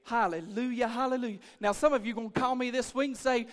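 A male pastor preaching a sermon in church, building from low murmurs to shouted, rhythmic repetitions. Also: fairly even intonation, fast talker, few pauses.

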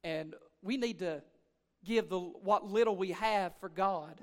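A male pastor preaching a sermon in church, building from low murmurs to shouted, rhythmic repetitions. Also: a little slow.

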